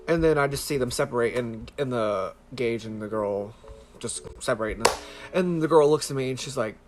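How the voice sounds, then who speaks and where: A man's voice: mid-range voice, lively intonation, moderate pace, fairly bright tone, soft background music. Chatty man rambling to the camera. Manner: rambling, swears freely, fillers of "like". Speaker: vlogger. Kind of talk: casual storytelling to camera. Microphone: handheld camera close to face.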